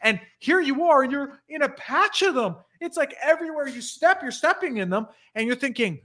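A man in casual conversation, talking enthusiastically in rapid, tumbling phrases. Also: very high voice, expressive, bright, forceful tone.

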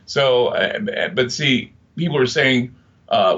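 A man's voice: medium pitch, lively intonation, takes it slowly, fairly bright tone. A man in his fifties, a radio broadcaster, telling stories in a rambling, emphatic way during an interview. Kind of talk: casual interview talk. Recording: dull lo-fi sound.

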